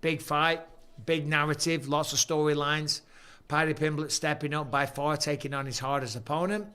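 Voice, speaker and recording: A man's voice: a little high, fairly even intonation, normal speed, bright, forceful tone, clear, resonant tone. A man in his forties hosting a casual fight-night livestream, boisterous and jokey, swearing freely. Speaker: livestream host.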